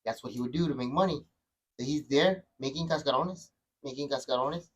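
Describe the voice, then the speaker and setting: A man's voice: mid-range voice, brisk, slightly rough, low-quality recording. A middle-aged man hosting a podcast, telling a story in casual chat and rambling with many restarts. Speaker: podcast host.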